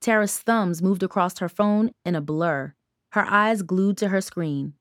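A woman reading an audiobook with measured, even storytelling narration. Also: mid-range voice, no room sound, studio quality. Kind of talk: scripted narration.

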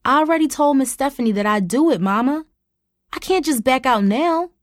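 A woman's voice: high-pitched, lively intonation, moderate pace, no echo, clean studio sound, pitched above the performer's own voice. A woman voicing a guilty, defensive sixteen-year-old girl who pleads with her mother. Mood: pleading. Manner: defensive and hesitant.

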